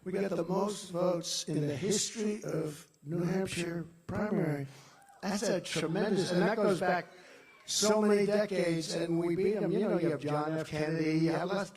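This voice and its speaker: Older guy boasting at a rally, highish voice, roomy echo, far from the mic. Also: steady tone, moderate pace. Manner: repetitive, boastful, off-the-cuff asides. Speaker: political speaker at a rally. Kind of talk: rambling rally speech. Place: large venue, victory rally. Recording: roomy sound, distant mic, loud crowd. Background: cheering crowd.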